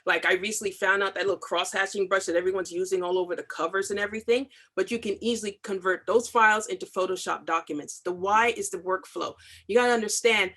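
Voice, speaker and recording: A middle-aged woman speaks with fierce, driving emphasis. She hammers home her points through repetition, pitched at an ordinary middle height for her, as a guest in an interview. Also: steady tone, fast, hardly any pauses, a bit bright. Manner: emphatic, impassioned, repetitive for stress. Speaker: comics artist guest. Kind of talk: video call interview.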